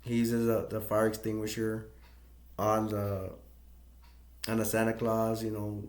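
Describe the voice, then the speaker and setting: A man's voice: on the low side, completely flat delivery, unhurried. A man casually retelling a film as a reviewer, rambling with many fillers and restarts and chuckling often, in an echoey room. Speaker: movie reviewer.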